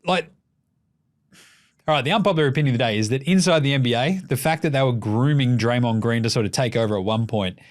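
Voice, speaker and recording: A young adult Australian man hosts a basketball podcast, speaking fast in a mid-range voice. His casual commentary is a rant full of swearing and sarcastic jokes.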